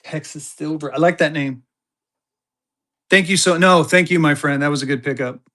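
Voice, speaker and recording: An excitable seller hosts a live online auction, talking fast and circling back to the same phrases. As bids pile in the hype speeds up, and the voice jumps high at the hottest moments.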